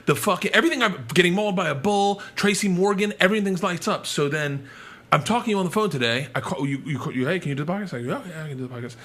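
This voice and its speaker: Male podcast guest, rowdy profane storyteller, bright tone, swings wildly in pitch. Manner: loud, profane, shouts in bursts. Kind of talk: animated storytelling.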